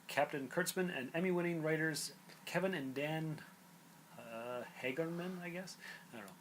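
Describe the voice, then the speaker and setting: A man's voice: a little high, moderate pace, fairly bright tone, slight background noise, rough recording. A man co-hosting a podcast, chatting casually and reading movie and TV news items aloud with asides. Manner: reads entertainment news items aloud with side comments. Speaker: podcast co-host.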